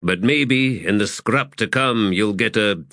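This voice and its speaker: A man reading the lines of a weary, battered soldier in a plain, gruff voice. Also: fairly low pitch, a little slow, pushed and bright, no echo, clean studio sound.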